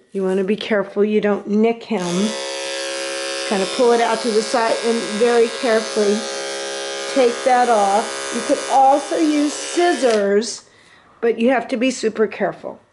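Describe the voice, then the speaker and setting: A woman dog groomer explaining a puppy's grooming step by step, calmly soothing the puppy as she works. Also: moderate pace, background noise. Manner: calm explaining, soothing a squirming puppy with high coos. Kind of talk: instructional grooming demo. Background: electric clippers and a puppy.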